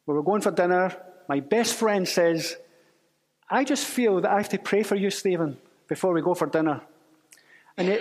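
A man telling a testimony as a sermon, storytelling and acting out the voices of others. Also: high-pitched. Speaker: preacher. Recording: long reverb of a church hall.

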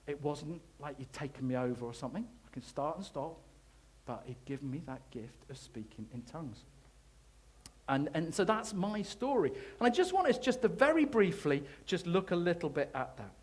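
A man preaching a sermon, telling his own faith story in an animated, self-deprecating way. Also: on the high side, moderate pace, slightly rough. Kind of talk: sermon testimony.

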